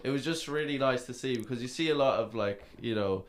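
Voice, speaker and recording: A man's voice: mid-range voice, quick pace. A man co-hosting a podcast, rambling with many fillers and little laughs. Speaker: podcast co-host. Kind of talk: casual podcast chat.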